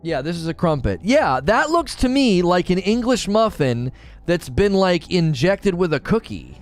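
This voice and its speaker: A man's voice: sits high, big pitch swings, measured pace, faint music behind. A man chatting casually on a live stream, joking, laughing often and slipping into mock British voices.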